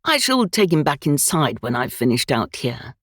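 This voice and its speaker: A woman voicing a courteous young lord who speaks in a measured way. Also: a bass voice, big pitch swings, breathy edge, no room sound, clean studio sound, voice pushed down, full character voice.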